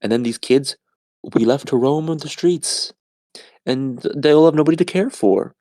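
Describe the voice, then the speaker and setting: Man doing a stern old nun, raised pitch, doting yet scolding, dry close sound, low-voiced performer stretched upward, retold movie scene. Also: moderate pace, mellow, no room sound, close to an everyday voice. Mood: pleading. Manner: scolding, doting then wrathful.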